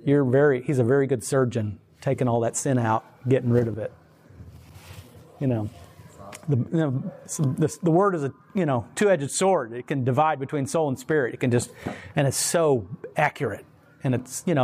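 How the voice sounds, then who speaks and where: A man giving a casual, rambling faith talk, animated, laughing often and putting on voices for quoted people. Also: medium pitch. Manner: rambling, many fillers and restarts. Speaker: Christian speaker.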